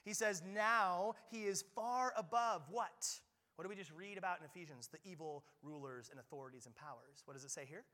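Man preaching, high bright voice, energetic, quizzes the congregation, long church-hall reverb. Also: fairly quick. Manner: energetic, asks the congregation questions. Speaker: pastor. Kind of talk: sermon.

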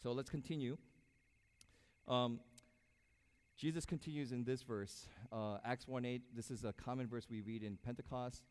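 A man preaching a sermon as pastor, animated, swinging between loud emphasis and soft asides. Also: mid-range voice, moderate pace, pauses often, clean tone. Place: church sanctuary. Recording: hall reverb.

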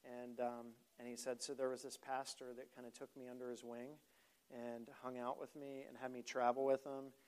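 A man's voice: mid-range voice, darkish tone. A man, a pastor, telling a story in a sermon in a conversational way, with frequent repeated words and quoted dialogue.

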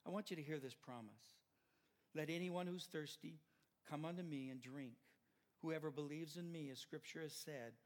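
An older man preaching a sermon as pastor, impassioned and swelling louder at the climaxes. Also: sits high.

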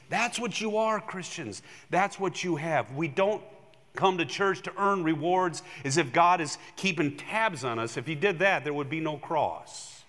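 A male pastor preaching a sermon in a church, telling stories with animation and swinging from loud emphasis to hushed asides. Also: sits high, normal speed, long reverb tail.

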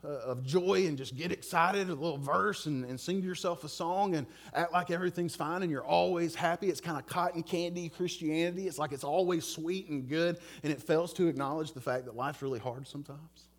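Male pastor, middle-aged, earnest conversational sermon delivery, a touch high in pitch. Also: fairly quick, few pauses. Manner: conversational, earnest, direct questions to listeners. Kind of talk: sermon with personal story.

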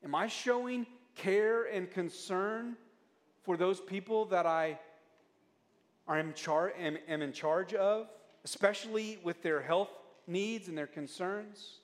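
A man preaching a sermon as a pastor, earnest and often dropping into soft, low tones when he pleads. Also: slow pace. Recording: long reverb of a church hall.

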